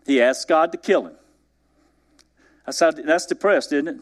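A man's voice: high-pitched, normal speed. A man preaching a sermon, retelling scripture with acted-out dialogue and questions to the congregation. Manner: animated storytelling, acting out biblical dialogue.

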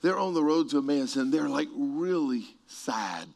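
A man preaching a sermon, telling stories with asides to people in the room and swinging from hushed tones to shouts. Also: on the high side, lively intonation, normal speed, gravelly.

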